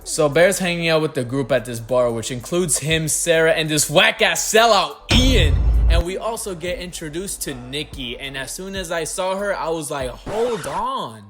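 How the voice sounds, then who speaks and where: A young man narrating a comedic movie recap in heavy slang, animated and quick to burst out in mock disbelief. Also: fairly high pitch, music in the background.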